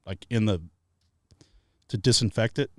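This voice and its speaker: A man putting on a gruff, stubborn injured fishing buddy, giving low matter-of-fact orders. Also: unhurried, darkish tone, no echo, clean studio sound, close to an everyday voice.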